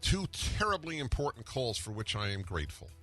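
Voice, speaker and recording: A man's voice: medium pitch, big pitch swings, a little fast, sharp tone, soft background music. An older man hosting a talk radio show, arguing with a caller and then delivering emphatic, combative commentary.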